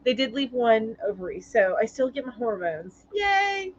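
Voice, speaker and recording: A woman hosting a casual live-stream chat, reading viewer comments aloud in a chatty, sympathetic way, halting with many ums. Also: fairly high pitch, darkish tone, highs cut off. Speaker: live show host.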